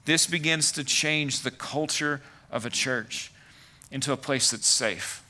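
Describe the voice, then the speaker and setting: A man's voice: mid-range voice, a little slow, pushed and bright. A man preaching a conversational sermon as pastor, full of "like" and "right" asides.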